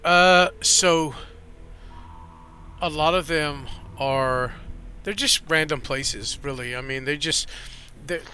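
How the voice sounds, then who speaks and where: A man's voice: on the high side, slow, pushed and bright, soft background music. A man narrating as dungeon master in a rambling way, with many fillers and self-corrections, with the hiccups. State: has the hiccups. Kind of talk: narrating a tabletop game.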